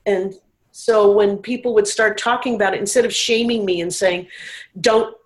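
Woman guest, candid and emotional, speaking at an average pitch. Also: steady tone, normal speed, rough recording. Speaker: interview guest. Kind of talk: personal recovery story.

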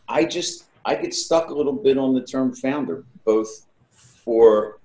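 A man in casual conversation, speaking haltingly and with admiration. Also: lowish voice, a little mellow. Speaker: discussion participant. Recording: echoey room.

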